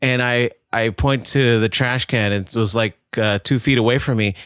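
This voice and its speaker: A man's voice: mid-range voice, fairly even intonation, normal speed, fairly bright tone, smooth, no room sound, clean studio sound. A man co-hosting a podcast, telling a story in casual chat with frequent stammering restarts. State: tired. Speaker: podcast co-host.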